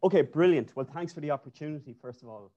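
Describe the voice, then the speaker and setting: A man's voice: on the high side, animated, fast talker, mellow. A man, an architect, giving a loose, conversational webinar presentation over a video call, with frequent restarts and fillers. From Ireland. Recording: dull lo-fi call audio.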